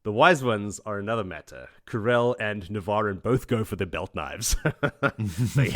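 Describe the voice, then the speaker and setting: A man's voice: on the low side, animated, normal speed, a bit bright, no echo, studio quality. A man hosting a podcast, recapping a book chapter by chapter in a casual, joking way with frequent laughs. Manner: joking, chatty, laughs often. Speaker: podcast host.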